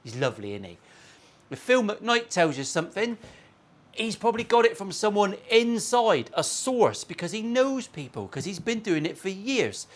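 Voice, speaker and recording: A man, a guitar maker and channel host, ranting bluntly and profanely in a casual opinion vlog from his workshop. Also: fairly high pitch.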